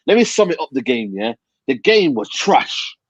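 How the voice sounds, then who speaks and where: Man, husky, hushed, emphatic football rant, muffled lo-fi call audio. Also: medium pitch, very animated, moderate pace, no echo. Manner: emphatic, repeats yeah and man. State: talking quietly, near a whisper. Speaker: football fan pundit. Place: hotel room. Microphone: video call.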